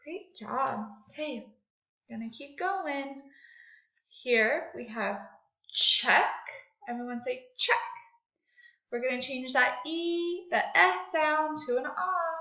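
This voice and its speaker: A woman leads young children through a phonics lesson, stretching each sound slowly so they can repeat it. Her voice sits high and bright. The recording is dull and lo-fi, with a noticeable room echo. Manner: slow, exaggerated sounding out of words for children. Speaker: second grade teacher. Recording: echoey room, dull lo-fi audio.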